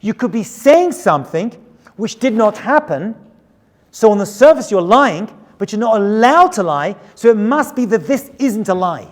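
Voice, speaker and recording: A man teaching as a rabbi in an animated, rhetorical storytelling style that keeps checking in with his listeners. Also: sits high, moderate pace. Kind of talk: sermon-style lecture with storytelling. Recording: long hall reverb.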